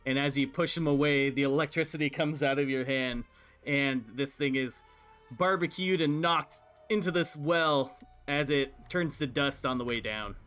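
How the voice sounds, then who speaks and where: A man narrating as game master of a tabletop game, halting with many fillers. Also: mid-range voice, a bit bright, smooth, faint music behind.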